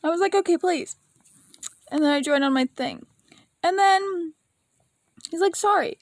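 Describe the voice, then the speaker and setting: A woman's voice: extremely high pitch, a little slow, dry recording. A woman vlogger rambling through an emotional, casual rant, swearing now and then and sometimes close to tears. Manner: rambling, emotional, breaks into laughs and near tears; curses casually.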